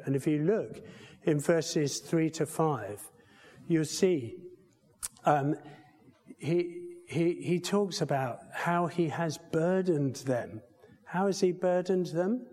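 Conversational preacher in a reverberant hall. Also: male voice, fairly high pitch, measured pace, a little mellow. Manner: conversational, repeats phrases and restarts, asks rhetorical questions. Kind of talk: sermon.

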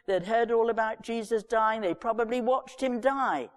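A woman giving a sermon, reading scripture and retelling it with lively, chatty asides. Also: on the high side, normal speed. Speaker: preacher. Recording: long reverb of a large hall.

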